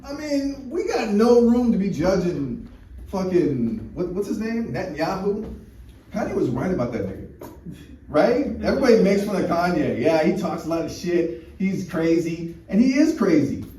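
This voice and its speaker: A man's voice: high-pitched, very animated, moderate pace, warm tone. A man doing a rambling, crude stand-up set with frequent restarts and fillers. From United States. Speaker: stand-up comedian. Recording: echoey room mic from a distance, faint noise.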